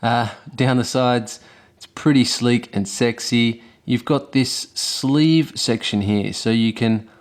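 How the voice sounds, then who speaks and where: A man's voice: medium pitch, steady tone, slow. Swearing broad Australian man hosting. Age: adult with children. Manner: swears constantly, laying on heavy slang. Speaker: host of a vape hardware review show. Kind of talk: casual product review.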